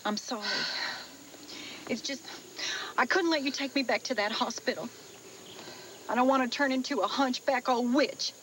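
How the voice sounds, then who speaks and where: A woman's voice: high-pitched, moderate pace, pauses often, fairly bright tone, a little hiss or hum. An actress playing a stubborn, folksy frontier woman lost in modern times, in a 1980s TV soap. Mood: frightened. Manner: folksy old-fashioned talk, pleading. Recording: TV soundtrack with music underneath.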